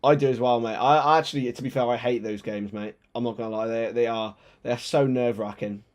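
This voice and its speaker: A young man hosting a live football watchalong, chatting with viewers and switching into excited play-by-play commentary. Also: medium pitch, fast. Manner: chatty, reads chat aloud, bursts into excited play-by-play.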